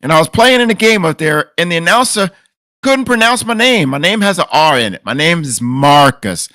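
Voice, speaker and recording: A brash tough guy who swaggers and talks down to his listener, as a man puts him on. The voice is sharp and bright, with a pitch that leaps around, and it sits close and dry to the mic. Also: expressive, a little fast, no echo. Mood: swaggering. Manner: loud, swaggering, calls others "conversation guy". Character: brash male Northeast tough guy, mock gangster.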